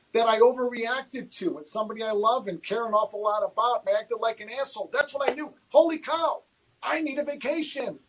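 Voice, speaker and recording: A man, a guest futures trader, answering livestream questions in a candid, animated, self-deprecating way, often repeating his words. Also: sits high, husky, rough recording.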